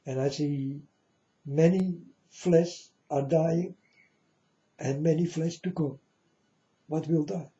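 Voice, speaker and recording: Slow mournful man, dark and muffled. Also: fairly high pitch, fairly even intonation. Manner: slow, mournful, repeatedly addresses listeners as folks. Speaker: self-styled prophet. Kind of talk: prophetic warning monologue. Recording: dull lo-fi audio.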